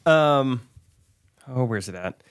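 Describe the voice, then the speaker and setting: Male podcast co-host, thirties, lively up-and-down delivery, deadpan teaser, dry mic sound. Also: medium pitch, takes it slowly, clean tone, no room sound. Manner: playful teasing, deadpan jokes. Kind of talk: casual chat.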